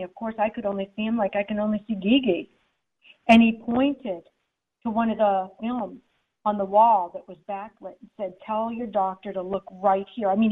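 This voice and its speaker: A woman, a guest author, telling a personal story in an interview and acting out the people in it. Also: mid-range voice. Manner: animated, acts out the people in her story. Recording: tinny phone-like line.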